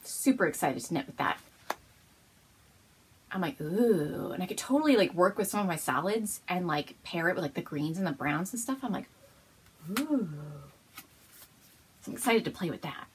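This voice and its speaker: A woman's voice: lowish voice, animated, a little fast, slight background noise. A woman hosting a casual show-and-tell episode at home, gushing and bubbly, often laughing as she talks. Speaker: podcast host.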